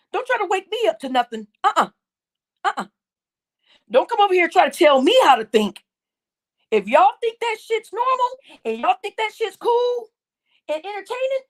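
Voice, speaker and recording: Indignant high-voiced woman livestream host. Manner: indignant, scolding, repeats herself. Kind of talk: heated livestream rant.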